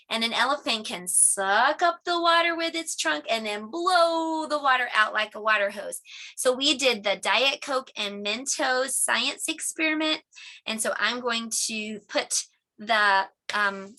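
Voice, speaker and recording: Bright-voiced homeschool teacher woman. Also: a little high. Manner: clear, patient teacher talk with clapping of syllables. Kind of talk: home lesson demonstration.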